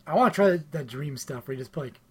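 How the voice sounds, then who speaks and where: A man's voice: fairly high pitch, expressive, fast, slightly rough. A young man co-hosting a podcast, teasing his partner with playful questions. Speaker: podcast co-host. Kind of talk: casual comedy chat.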